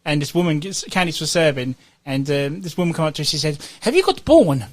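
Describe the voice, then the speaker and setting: A man on a podcast telling animated stories and swearing freely. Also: on the high side, fast, no echo. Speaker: guest, former video store worker. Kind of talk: casual chat.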